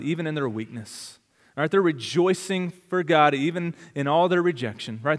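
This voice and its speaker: High-voiced man preaching in a reverberant hall. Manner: dramatic preaching with rhetorical questions, swinging between loud and hushed. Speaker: pastor. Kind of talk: sermon.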